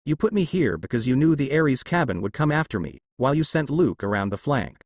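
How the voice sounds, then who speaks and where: A man's voice: medium pitch, very animated, fast, a little mellow, no room sound. A man doing a blunt, defiant teenage boy hero.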